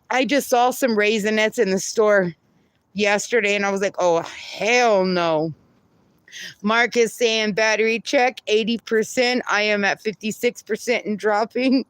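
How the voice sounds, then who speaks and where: A woman's voice: medium pitch, fairly even intonation, normal speed, fairly bright tone, dry recording. A woman hosting a casual livestream, reading viewer comments aloud with frequent laughs and casual swearing. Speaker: livestream host.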